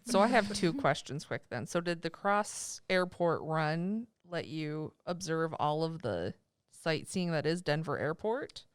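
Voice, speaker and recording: Woman, low voice, smooth clear tone, teasing questions. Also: expressive, dry recording. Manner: teasing, asks quick questions. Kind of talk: casual chat.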